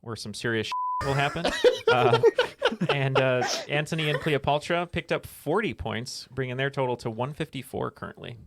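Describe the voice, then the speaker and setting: A man's voice: medium pitch, expressive, moderate pace, gravelly, fairly bright tone, slight background noise. A man with a New Jersey accent, a trivia contestant bantering in a playful, jokey way. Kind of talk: casual podcast banter.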